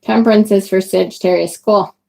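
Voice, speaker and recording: A woman's voice: medium pitch, steady tone, brisk, vocal fry, mellow. A woman hosting a live tarot stream, chatting enthusiastically and reading viewer comments aloud. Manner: enthusiastic, chatty, swears casually. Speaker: tarot livestream host. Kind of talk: casual live-stream chat.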